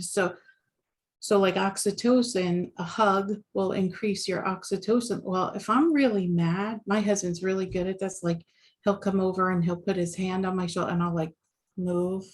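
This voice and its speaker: A woman relationship coach talking casually as a guest, animated, with many fillers and restarts. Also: mid-range voice, normal speed. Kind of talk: casual conversation.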